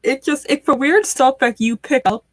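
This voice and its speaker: Appearing as a guest on a stream, a woman chats casually and shares morbid stories with deadpan humor. Her voice is high-pitched, at a normal speed, with no echo.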